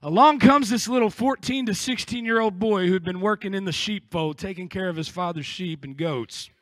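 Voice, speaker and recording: High-voiced, forceful American pastor preaching. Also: male voice, fairly quick, no echo, studio quality. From United States. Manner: impassioned preaching with joking asides. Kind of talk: sermon.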